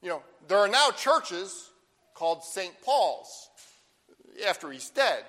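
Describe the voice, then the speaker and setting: A man delivering a sermon from the pulpit, his voice high-pitched and bright. He keeps checking in with the congregation and slows down to read scripture aloud. The sound rings out with the long reverb of a large church. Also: big pitch swings. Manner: preaching with rhetorical "right?" asides, reading scripture slowly. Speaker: pastor.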